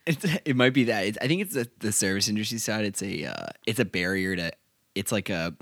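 A man's voice: on the low side, expressive, a little fast, fairly bright tone, dry recording, studio quality. A man hosting a casual chat, asking hesitant questions full of fillers.

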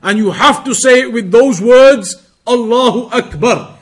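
A man teaching a religious lesson, reading Arabic text quickly and then explaining it slowly, drawing out words to demonstrate pronunciation. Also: extremely high pitch, husky. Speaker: Islamic teacher.

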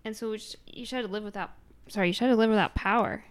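Woman from the East Coast, podcast guest, casual chat, dry jokes, mid-pitched voice. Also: steady tone, very fast. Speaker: urban planner guest.

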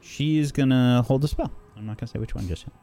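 A man narrating as game master in a tabletop game, relaxed and thinking aloud as he goes. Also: medium pitch, fast.

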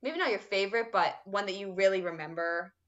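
Woman asking interview questions, mid pitch, kinda muffled lo-fi sound. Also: brisk, fairly bright tone. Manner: encouraging, short backchannels. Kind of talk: casual interview chat. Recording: dull lo-fi sound.

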